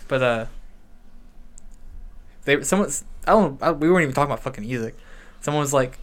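A man's voice: fairly high pitch, animated, fairly quick, pauses often. A young man co-hosting a casual podcast chat, telling loose stories with frequent laughs and some swearing. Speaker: podcast co-host.

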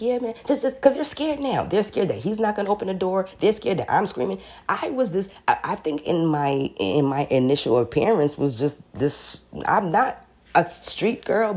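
A woman vlogger telling a personal story in a casual, animated way, acting out the people she quotes and pressing her points hard. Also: fairly low pitch, moderate pace. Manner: emphatic and insistent, repeats her points.

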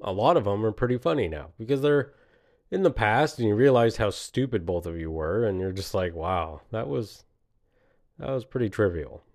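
Late-30s man, low voice, solo reflective rambling monologue, self-amused. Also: lively intonation, moderate pace, a little mellow. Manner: rambling, laughs often at himself. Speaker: podcaster.

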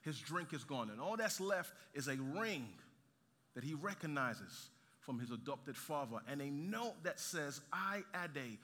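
A man from Nigeria preaching a sermon, telling a story with animated, joking asides to the congregation. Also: a little high, unhurried. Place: large church hall. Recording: reverberant hall.

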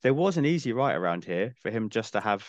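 A man with a lowish voice talks casually about films, in a measured and thoughtful way with a self-deprecating edge. His voice sits close to the mic in a dry, dead room. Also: sing-song, no echo. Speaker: podcast guest. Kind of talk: casual film-review chat.

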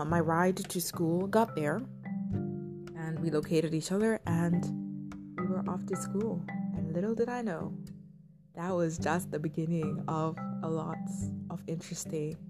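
Animated young woman vlogger. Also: fairly low pitch. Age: young adult. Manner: animated, acts out her own thoughts in quoted asides. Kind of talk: casual storytelling to camera. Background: guitar music.

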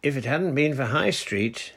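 A man voicing a bold, bossy girl captain who talks briskly and commandingly. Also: mid-range voice, expressive, gravelly, fairly bright tone, husky, pitched above the performer's own voice, heavily acted.

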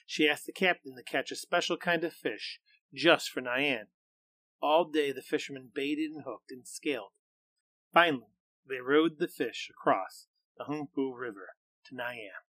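Slow, bright-voiced male storyteller. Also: medium pitch, no echo. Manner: measured, expressive reading. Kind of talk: storybook read-aloud.

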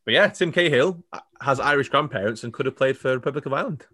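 A man co-hosting a casual football podcast, his voice mid-pitched and sitting close and dry on the mic. He chats easily and breaks into laughter often. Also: animated, fast talker, bright, forceful tone, dry recording. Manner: laughs often, chatty, trails off into fillers. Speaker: podcast co-host. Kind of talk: casual chat about football. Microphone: remote video call.

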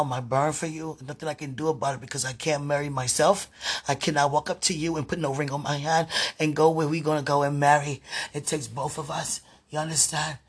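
A man giving an intimate spiritual monologue, breathy and halting. He hums and murmurs between phrases and often trails off with "you know". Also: mid-range voice. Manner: opens in a hushed whisper. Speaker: podcaster.

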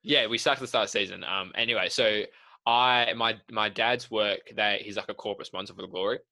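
Gravelly young man, rambling. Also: fairly low pitch, fairly even intonation, brisk, bright, forceful tone, poor audio. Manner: rambling storyteller, laughs mid-sentence. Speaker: podcast co-host. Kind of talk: casual chat.

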